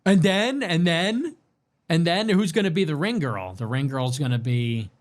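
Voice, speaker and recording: A man hosting a livestream, reading and answering viewer messages in a sarcastic, mocking way that swings between loud outbursts and low mutters. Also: animated, normal speed. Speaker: livestream host. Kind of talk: livestream commentary reading super chats.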